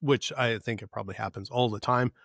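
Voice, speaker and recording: A man's voice: mid-range voice, fairly even intonation, fairly quick, creaky, a bit bright, dry recording. A man co-hosting a podcast, chatting casually and giving short reactions and dry quips. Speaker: podcast co-host. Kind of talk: casual chat.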